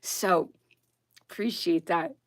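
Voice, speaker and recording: A woman's voice: lowish voice, slow pace, no room sound. Worked-up woman ranting, dry sound. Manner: worked-up, repeats "okay?", laughs between points. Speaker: blogger. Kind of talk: casual rant to camera.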